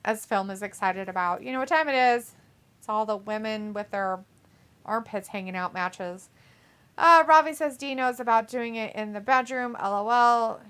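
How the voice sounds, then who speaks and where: Her voice is fairly high, clean and fairly bright, at an ordinary pace. She's co-hosting a casual live stream, laughing often as she reads viewer comments aloud bluntly and with plenty of swearing.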